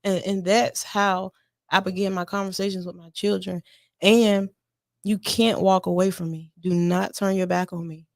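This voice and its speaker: A woman guest on a casual podcast explains her parent coaching earnestly and repetitively, acting out lines she says to her kids. Her medium-pitched voice has little pitch movement, normal speed and vocal fry, captured in studio quality with no room sound.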